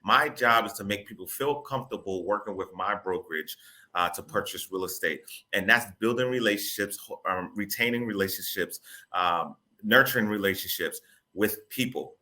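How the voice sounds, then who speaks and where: Speaking with a fairly low pitch at a moderate pace, this man is an interview guest recounting his own story. He works as a real estate broker in the Boston area, Massachusetts, and his delivery is lively and loose, full of repeated words and informal grammar.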